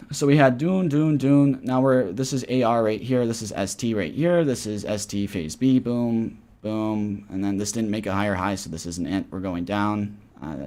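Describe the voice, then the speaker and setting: A man giving casual, rambling chart commentary on a live stream. He keeps repeating "right?" and "guys", and his voice swings between loud and soft. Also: mid-range voice. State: tired after a flight. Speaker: crypto trading streamer.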